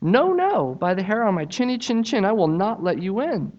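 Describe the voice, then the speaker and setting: A man voicing a small, stubborn little pig in a storybook tale, high and squeaky as he refuses. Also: very animated, moderate pace, highs cut off. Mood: defiant.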